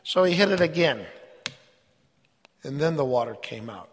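A man's voice: on the high side, expressive, normal speed, in a large hall. A man preaching a sermon in an earnest, emphatic way, reading scripture aloud between his points.

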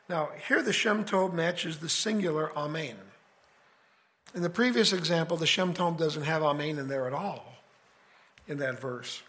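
A man with a fairly high voice gives a relaxed Bible study lecture. He talks in a conversational way and lays out his reasoning one step at a time. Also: normal speed. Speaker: Bible teacher. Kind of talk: casual scripture study lecture.

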